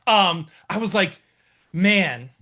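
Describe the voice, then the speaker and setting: A man's voice: high voice, expressive, slow pace, sharp tone. A man co-hosting a casual live-stream chat, joking and crude in a playful way. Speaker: co-host.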